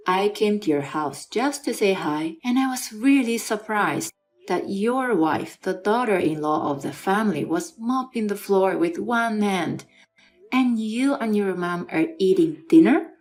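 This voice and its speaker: A woman plays a stern aunt laying down the law to her nephew. The voice is firm and commanding at a middle pitch. Music hums faintly behind it. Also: lively intonation, unhurried, a little mellow, natural voice. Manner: firm and scolding. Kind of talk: dramatized story reading.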